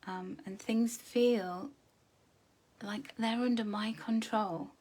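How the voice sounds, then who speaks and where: Brief: woman from the UK, friendly budgeting coach on a live session, warm chatty delivery, lots of ums and restarts. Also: a little high, steady tone, takes it slowly. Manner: chatty, encouraging, addresses viewers as "my loves". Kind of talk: live online budgeting tutorial.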